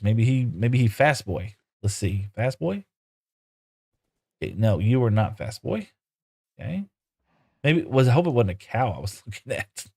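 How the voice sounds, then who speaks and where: A man's voice: medium pitch, a little mellow. A man live-streaming a game, chatting casually with viewers and coaxing his in-game horses in playful broken talk.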